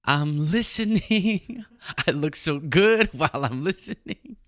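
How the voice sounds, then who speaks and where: A man voicing a vain, self-obsessed actress, slow and preening, with an airy falsetto. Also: expressive, fairly bright tone, no echo, clean studio sound. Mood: preening, dreamy.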